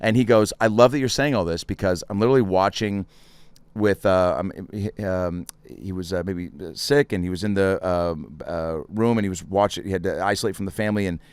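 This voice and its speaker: Man, podcast host, low voice, dry studio sound, animated storyteller, casual swearing. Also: a little fast, clear, resonant tone, no echo. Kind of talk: casual chat.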